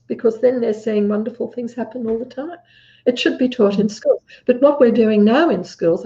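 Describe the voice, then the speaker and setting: A woman's voice: mid-range voice, warm tone. Australian woman with a dull lo-fi sound. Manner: earnest, storytelling, acts out quotes. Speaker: guest. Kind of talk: casual conversation. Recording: dull lo-fi audio.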